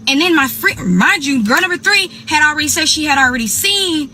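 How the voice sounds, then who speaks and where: A young woman tells a story to her viewers in a casual, animated way. Her voice sits a little high and sounds bright and crisp. She keeps talking straight to her audience and acts out the voices of the people in her story. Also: fairly quick, slight background noise, rough recording. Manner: animated, addresses listeners as y'all, acts out quoted people. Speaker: host.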